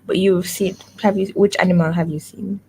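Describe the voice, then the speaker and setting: A woman hosting a radio reading segment, patiently prompting and gently correcting a young reader. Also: medium pitch, fairly even intonation, a little fast, slight background noise, low-quality recording. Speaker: radio host coaching a child reader. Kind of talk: guided reading lesson.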